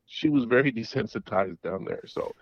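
A middle-aged man calling in to a talk show, telling a story in a rambling, halting way full of restarts and fillers. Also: lowish voice, animated, muffled recording. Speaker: caller. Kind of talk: casual storytelling. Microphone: phone call.

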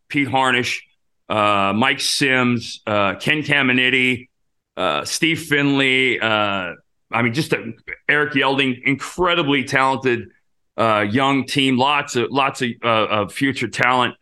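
A man in his fifties tells stories in a loose, rambling way, full of fillers and restarts. His voice is bright and forceful, sitting in a middle pitch. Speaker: podcast host and former pitcher. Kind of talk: casual storytelling monologue.

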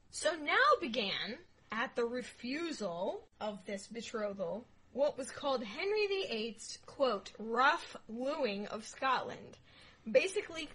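A woman co-hosting a casual history podcast, telling the story playfully with jokes and loud asides. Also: a little high, slightly rough, rough recording. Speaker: podcast co-host.

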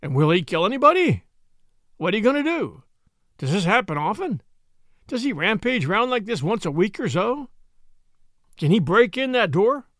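A man's voice: sits high, dry recording, clean studio sound, voice pushed up. A man voicing a nervous, jocular traveling salesman who fires off anxious questions in a storybook reading. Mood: bewildered. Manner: excited rapid questions.

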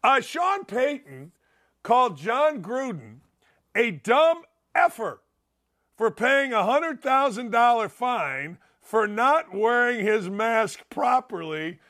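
Brash high-voiced Indiana talk host. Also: male voice, very animated, takes it slowly, bright, forceful tone. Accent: Northwest Indiana. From Northwest Indiana. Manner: brash, mocking, slips into mimicking voices. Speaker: radio show host. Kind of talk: opinionated sports talk monologue.

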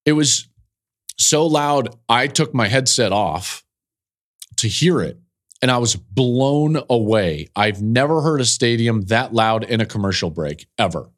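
This middle-aged man, a college football analyst and podcast host, earnestly recounts an emotional story on his football show, ramping up the intensity. He speaks at a measured pace in an expressive mid-range voice.

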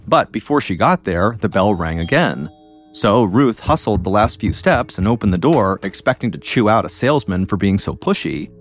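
A man hosting a podcast, telling a true-crime story in a measured, suspenseful scripted narration. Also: on the low side. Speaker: podcast host.

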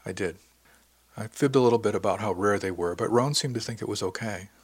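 A man voicing a shy, earnest young woman in an audiobook, speaking softly and hesitantly. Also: fairly low pitch, brisk, husky, no echo. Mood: quiet. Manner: soft, hesitant.

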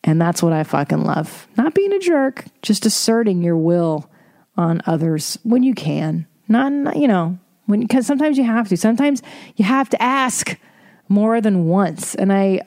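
A woman's voice: mid-range voice, big pitch swings, unhurried, darkish tone, dry recording, clean studio sound. A woman hosting a podcast, telling a casual story with wry, profane asides. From Eastern Bloc. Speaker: podcast host.

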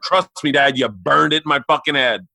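Bright-voiced man telling profane stories. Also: mid-range voice, vocal fry, no room sound. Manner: profane, rapid storytelling that acts out the voices of family members. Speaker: comedian guest. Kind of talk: animated storytelling on a podcast. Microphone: remote call mic.

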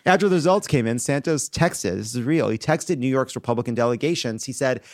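A man's voice: mid-range voice, animated, fairly quick, few pauses, no echo, studio quality. A man hosting a comedy show, delivering a scripted monologue in a sarcastic, punchy way.

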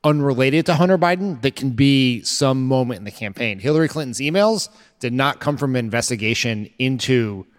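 A man co-hosting a live political podcast, laying out his reasoning in an analytical, explanatory manner. His pitch sits in the middle range. A large live hall gives his voice a long reverb. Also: expressive, a little fast. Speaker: podcast co-host. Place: live stage before an audience.

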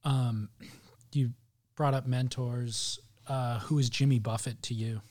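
Podcast host guy, mid-pitched voice, quick curious reactions and questions. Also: fairly even intonation, darkish tone. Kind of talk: casual interview.

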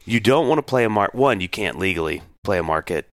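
A man in his forties, co-hosting a podcast in casual, animated chat, full of restarts. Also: fairly low pitch, fast talker, dry recording, studio quality. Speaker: podcast co-host.

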